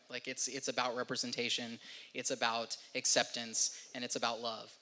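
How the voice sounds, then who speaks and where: An earnest man shares a heartfelt moment on a festival panel. His voice is very bright and tense. A long hall reverb surrounds it. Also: mid-range voice, little pitch movement, fairly quick. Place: theater stage.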